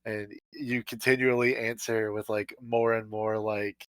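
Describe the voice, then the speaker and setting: A man's voice: on the low side, level tone, a little slow, no room sound, low-quality recording. Male podcast guest: loose, profane, laughs a lot, close and dry sound. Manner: rambling, profane, laughs often. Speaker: guest musician. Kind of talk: casual podcast chat.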